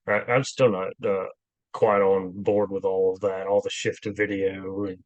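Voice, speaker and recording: A man who owns a food truck, a guest chatting casually in a relaxed, hesitant way with lots of fillers. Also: low-pitched, a little slow, no echo, muffled recording. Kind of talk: casual chat.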